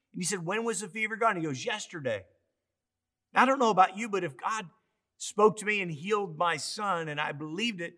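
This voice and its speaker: Bright-voiced fervent man preaching. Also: fairly high pitch. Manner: fervent, emphatic preaching with dramatic swings in loudness. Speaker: pastor. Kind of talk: sermon. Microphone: online church service.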